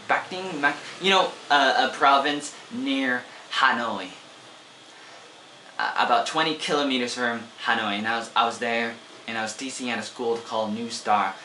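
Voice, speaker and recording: In an echoey room with a little hiss or hum, a twenty-something English teacher from Oregon, USA, talks in a pushed, bright, medium-pitched voice. His casual teaching vlog is rambling and playful, and he repeats words as he goes.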